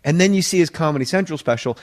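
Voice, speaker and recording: A man with a slightly high-pitched voice tells his stories in a casual chat. He gets animated, swears freely, and slips into voices for the people he quotes. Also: racing. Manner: animated anecdotes, swearing, laughing, acting out quotes. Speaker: podcast guest, former sketch comedy writer.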